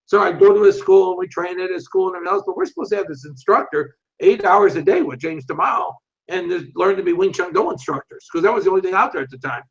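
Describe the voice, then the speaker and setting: An older man in his sixties with a high, gravelly voice tells stories in an interview. He is blunt and swears freely. The audio sounds dull and lo-fi. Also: fast, hardly any pauses. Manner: blunt and profane, quotes people in his stories. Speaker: martial arts instructor, interview guest. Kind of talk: storytelling in an interview.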